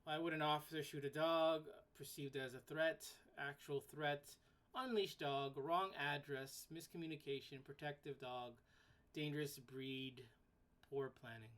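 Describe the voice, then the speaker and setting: Deep-voiced and unhurried, a woman runs a one-person podcast with fairly even intonation. She vents bluntly, cursing offhandedly, and as she gets worked up she loops back over words and restarts what she's saying.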